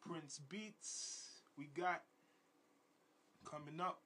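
Laid-back male podcast host, bright tone. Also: a little high, extremely slow, husky. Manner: repeats shout-outs and slogans. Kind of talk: casual podcast chat.

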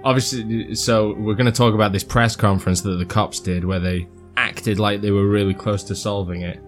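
A man's voice: on the low side, steady tone, moderate pace, music in the background. A man hosting a casual podcast, joking and rambling as he introduces his guest. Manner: playful, rambling, jokey. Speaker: podcast host.

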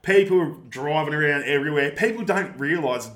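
A man's voice: mid-range voice, a little fast, a bit bright. A young Australian man chatting casually, rambling and slangy, laughing often. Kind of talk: casual banter. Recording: echoey room.

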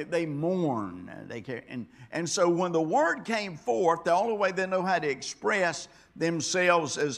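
A man preaching a sermon, rambling and repeating himself, dropping to quiet asides and then rising to loud exhortation. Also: on the high side. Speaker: pastor.

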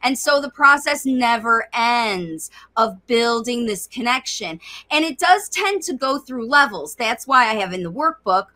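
A woman hosting a conversational interview, talking in long, energetic explanations. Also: on the high side, measured pace, hardly any pauses. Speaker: host.

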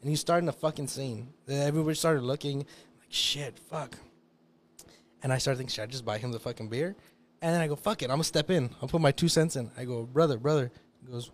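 Loud, profane man telling a story. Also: fairly high pitch, quick pace. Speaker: podcast host telling a story. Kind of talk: casual podcast chat. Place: podcast studio.

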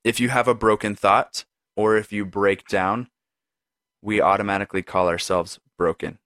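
A man with a voice on the low side hosts a reflective solo podcast, speaking earnestly straight to the listener. His tone is level and fairly bright at a moderate pace, peppered with "right?" and "like." The clean studio recording has no room sound.

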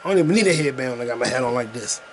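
A man's voice: medium pitch, lively intonation, very fast, a little hiss or hum. Rambling, profane man chatting casually. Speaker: podcast host playing a video game. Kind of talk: casual gaming commentary.

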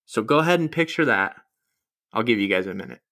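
A man's voice: lowish voice, lively intonation, fairly quick, gravelly, pushed and bright. A young man hosting a casual solo podcast, rambling through stories with crude, self-mocking jokes. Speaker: podcast host.

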